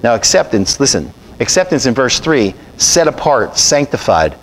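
A pastor preaching a sermon, calling on the congregation to repeat after him and answer. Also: male voice, medium pitch, sing-song, moderate pace, a little hiss or hum.

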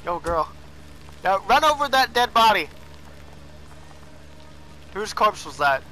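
A man's voice: sits high, big pitch swings, slow pace, a little hiss or hum, poor audio. A young man chatting casually while playing a video game, swearing often and breaking into outbursts. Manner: swearing, laughing, loud outbursts. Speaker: gamer. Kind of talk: casual gameplay chat.

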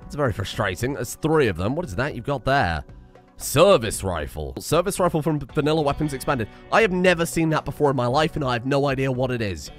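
A mid-range, sing-song male voice with a West Country accent talks fairly quickly through a game. He's a streamer doing loose, humorous let's-play commentary and swears freely, with faint music in the background.

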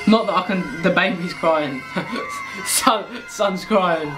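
A host reacting to a song, talking casually and often breaking off mid-sentence. The voice sits at a middling pitch. A song plays clearly in the background under the talk. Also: takes it slowly, loud music behind the voice. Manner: chatty, laughing, exclaiming, breaks off mid-sentence. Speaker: music reaction video host. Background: song playing.

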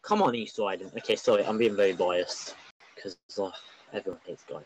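A man giving excitable, rambling, openly biased live commentary on an online football match. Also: fairly low pitch, brisk, faint music behind, poor audio.

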